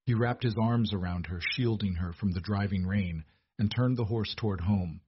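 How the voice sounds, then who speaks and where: Low husky guy reading a romance story, steady and measured, dull dry sound. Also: dry recording. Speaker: narrator. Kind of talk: scripted romance narration.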